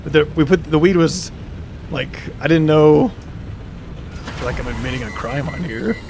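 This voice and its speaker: A man's voice: a little high, moderate pace, background noise. A young man streaming a game, telling a long story in a rambling, casual way with many fillers and restarts. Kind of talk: casual storytelling while gaming.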